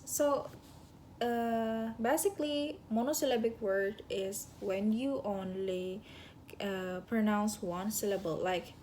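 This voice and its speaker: Slow, halting young woman reviewing lessons. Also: medium pitch, a little mellow, slight background noise. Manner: halting, searching for words, self-correcting. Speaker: student giving a class review. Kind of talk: spoken course review.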